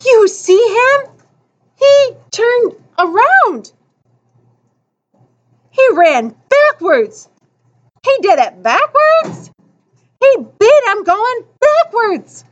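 Woman voicing an excited boy spectator, high exclaiming voice, storybook. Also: very slow, pauses often, muffled recording, exaggerated voice. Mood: amazed. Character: excited boy in the crowd, amazed.

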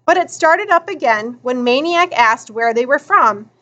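Slow, lively woman narrator. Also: high voice, lo-fi sound. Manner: expressive, deliberate. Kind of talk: audiobook narration.

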